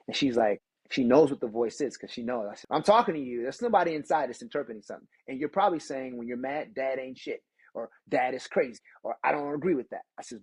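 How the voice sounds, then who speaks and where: A middle-aged man with a slightly husky, breathy voice, speaking earnestly in a candid podcast conversation. He tells stories in a mid-range pitch and often restarts his sentences. The sound is close and dry, with no room around it. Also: darkish tone, dry recording, poor audio. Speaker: podcast guest.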